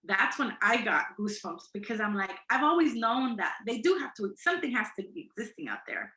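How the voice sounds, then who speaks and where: A woman chatting casually in a group, animated and sometimes searching for words. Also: a little high, fairly quick, reverberant, poor audio. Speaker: guest in a group discussion. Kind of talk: casual chat.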